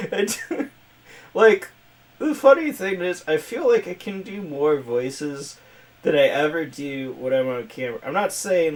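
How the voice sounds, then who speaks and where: Giggly rambling game streamer. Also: mid-range voice. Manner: giggly, rambling, self-mocking. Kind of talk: casual let's-play commentary. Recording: distant mic with music behind.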